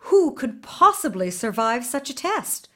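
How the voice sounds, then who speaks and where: A woman reading a fairy tale aloud with slow, expressive narration. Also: fairly high pitch. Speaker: storyteller. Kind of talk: storybook read-aloud.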